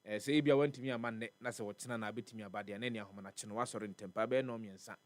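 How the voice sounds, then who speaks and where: A man's voice: fairly low pitch, steady tone, very fast, dry recording. A man with a Ghanaian accent hosting a live morning radio show, reading weather and traffic and chatting, repeating words for emphasis. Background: faint music bed.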